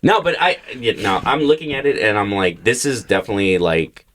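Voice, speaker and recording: Loose, profane man with lively laughs. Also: lowish voice, a little fast. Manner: loose, profane, laughs often, slips into silly voices. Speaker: podcast co-host. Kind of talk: casual comedy podcast chat.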